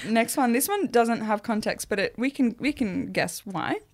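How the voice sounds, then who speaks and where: Laughing woman reading nicknames. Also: on the high side. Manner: laughs through her words, reads out listener submissions. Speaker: podcast co-host. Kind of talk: casual chat.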